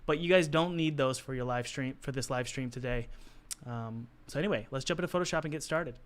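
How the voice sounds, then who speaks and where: A man with a hoarse, worn voice, teaching art on a casual live stream, chatty and encouraging as he answers the chat while he works. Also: mid-range voice, brisk. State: hoarse, losing his voice.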